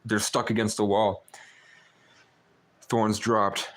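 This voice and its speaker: A man's voice: fairly low pitch, little pitch movement, slow pace, fairly bright tone. A man hosting a live stream, telling a long story in a rambling, talkative way full of fillers. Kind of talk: casual storytelling chat.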